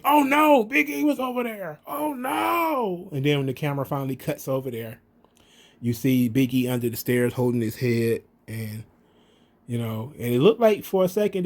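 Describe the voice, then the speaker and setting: A man giving a casual, profane wrestling recap, acting out the wrestlers' lines in raised voices. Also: medium pitch. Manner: animated, profane, acts out quotes in raised voices. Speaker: wrestling commentary podcaster.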